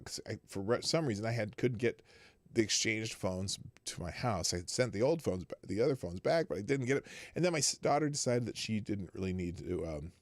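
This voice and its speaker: A man's voice: medium pitch, no room sound. A middle-aged man hosting a live show, telling a long exasperated story in a rambling, casual way. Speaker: livestream show host.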